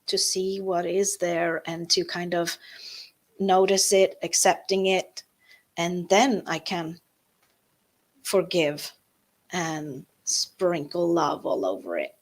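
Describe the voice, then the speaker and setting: Slow, soft-spoken Norwegian woman. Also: fairly low pitch. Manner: soft-spoken, hesitant, many fillers and restarts. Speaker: guest. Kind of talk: live interview conversation.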